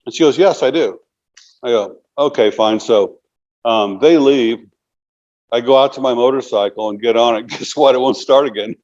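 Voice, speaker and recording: A man's voice: medium pitch, moderate pace, darkish tone, lo-fi sound. A man in his sixties, an interview guest telling long casual stories, rambling and filling them with "you know". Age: 60s.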